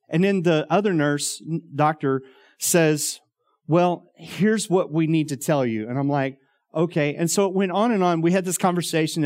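A man's voice: fairly high pitch, darkish tone. A man, telling a long personal story in a rambling way, full of ums and uhs. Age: 40s. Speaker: former youth minister.

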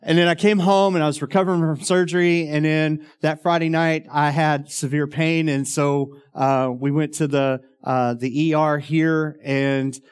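Guy in his 40s, a bit higher voice, rambles on with lots of ums telling a story. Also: fairly even intonation, moderate pace, few pauses, clear, resonant tone. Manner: rambling, many ums and uhs. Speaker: former youth minister. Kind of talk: casual personal storytelling.

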